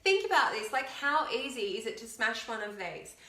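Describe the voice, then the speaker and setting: A woman's voice: a little high, sing-song, moderate pace, bright, forceful tone. An upbeat woman, a fitness coach chatting casually to camera while counting aloud. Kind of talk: casual video chat. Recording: echoey room.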